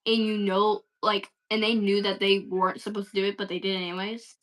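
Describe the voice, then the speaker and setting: A woman joining a livestream in casual chat, easygoing and slangy, quick to laugh. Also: mid-range voice, flat delivery, a bit bright.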